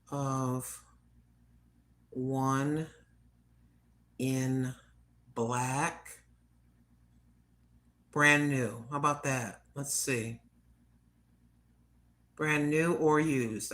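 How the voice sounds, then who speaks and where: A woman's voice: a bass voice, steady tone, drawn-out words, pauses often, a bit bright, low-quality recording. An older American woman chatting casually and rambling to her viewers at home. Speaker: vlogger. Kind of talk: casual chat.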